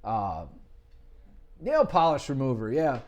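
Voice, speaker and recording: Male podcast guest, animated storyteller, mid-pitched, casual chat. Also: slow, lo-fi sound. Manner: animated storyteller, acts out quoted voices. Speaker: podcast guest, business owner.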